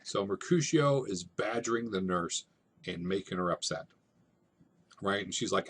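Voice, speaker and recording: A man teaching over slides, explaining a scene in relaxed, conversational everyday language. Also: low voice, measured pace, a little hiss or hum. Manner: relaxed, conversational, paraphrasing in plain modern speech. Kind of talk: casual classroom explanation.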